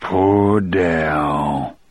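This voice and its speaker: A man voicing a gentle, grieving giant of a male prisoner with a low, hoarse voice. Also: no echo. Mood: sorrowful. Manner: slow, simple, sorrowful.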